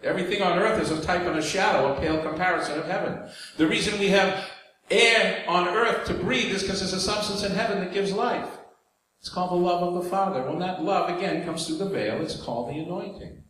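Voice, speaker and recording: A man's voice: sits high, fairly quick, fairly bright tone. Preacher man in a very echoey hall. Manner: conversational preaching with audience asides and jokes. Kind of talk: sermon. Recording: very echoey hall, faint background noise.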